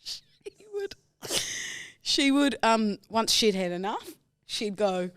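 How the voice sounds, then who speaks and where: Giggly woman with a lively voice. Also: medium pitch, slow pace, clean tone, dry recording, clean studio sound. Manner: giggly, swearing storyteller. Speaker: podcast co-host. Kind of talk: casual chat.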